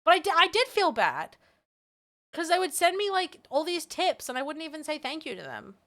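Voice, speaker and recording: A woman's voice: high voice, sing-song, moderate pace, pushed and bright. A woman chatting candidly on a live stream, rambling and self-deprecating with frequent laughs. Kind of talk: casual live-stream chat.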